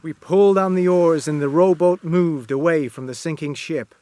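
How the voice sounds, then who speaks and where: A man narrating a classic story as an audiobook, reading in a slow, simple, clear way. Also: on the high side, darkish tone, no room sound.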